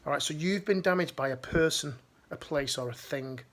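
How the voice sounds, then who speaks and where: A man's voice: a little high, moderate pace, fairly bright tone. A man giving a motivational life-coaching talk to camera, emphatic and direct, repeating his key phrases.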